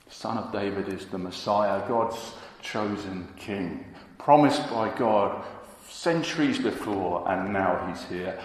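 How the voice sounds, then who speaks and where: A man preaching a sermon, slow and emphatic, now and then acting out quotes from the crowd. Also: sits low, a little hiss or hum. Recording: echoey hall with long reverb.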